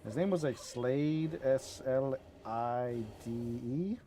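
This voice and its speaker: A man's voice: mid-range voice, takes it slowly, mellow, a little hiss or hum. A man chatting casually over a video game stream, telling rambling stories and swearing loosely as he plays. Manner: rambling storyteller, swears casually, laughs at his own stories. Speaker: gaming streamer. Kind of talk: casual gameplay commentary.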